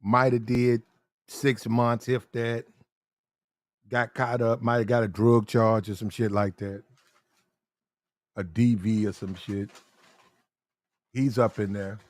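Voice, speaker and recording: A man giving blunt, slang-heavy dating advice in casual talk, drawing out his words slowly when he lists details. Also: lowish voice, flat delivery, no room sound.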